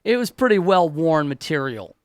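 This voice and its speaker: A fairly high-voiced middle-aged man talks on a radio show in a wry, chatty way, often restarting his sentences. He is close on a dry studio microphone. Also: very animated, moderate pace, clean tone, dry recording. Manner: wry, talkative, many restarts. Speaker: radio talk show host. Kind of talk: casual radio chat.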